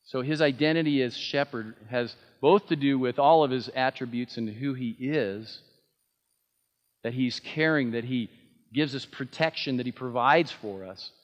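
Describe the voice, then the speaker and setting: A man's voice: mid-range voice, measured pace, big-room sound, lo-fi sound. A man preaching a sermon, earnest and emphatic, with frequent fillers and restarts. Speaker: pastor.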